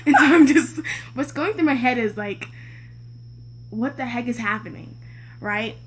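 Animated young woman telling a story. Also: on the high side, unhurried. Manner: animated storytelling, acts out quoted voices, laughs often. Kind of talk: casual chat.

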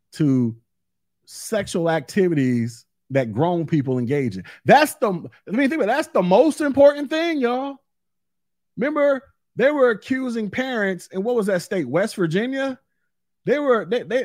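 High-voiced man ranting bluntly. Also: no room sound, clean studio sound. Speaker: podcast host. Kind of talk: solo opinion podcast. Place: recorded in Florida.

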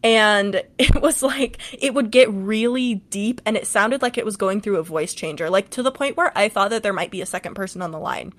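A woman co-hosting a podcast, telling stories and recapping a book in casual chat, animated and laughing often. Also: mid-range voice, fairly quick, hardly any pauses, a little hiss or hum. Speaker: podcast co-host.

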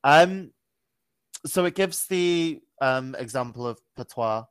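A man talks loosely about writing on a podcast, full of ums and quick self-corrections, with the odd curse thrown in. His voice is smooth and clear, and the sound is dry and close. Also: medium pitch, animated, a bit bright, no echo. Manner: swears freely, lots of ums and self-corrections. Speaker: podcast co-host. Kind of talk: casual chat.

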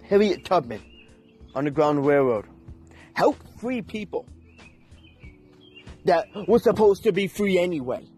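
A man's voice: on the high side, darkish tone, breathy edge. A young man ranting in an unscripted, heated and profane way, with emphatic delivery. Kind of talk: unscripted rant.

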